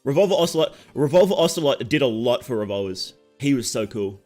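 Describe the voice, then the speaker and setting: A man's voice: medium pitch, lively intonation, brisk, darkish tone. Aussie guy streaming games, bouncy voice all over the place, bit of a sore throat, faint music behind. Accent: Australian. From Australia. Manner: chatty, reads chat aloud and answers. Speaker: game streamer and voice actor. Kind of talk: casual live-stream chat.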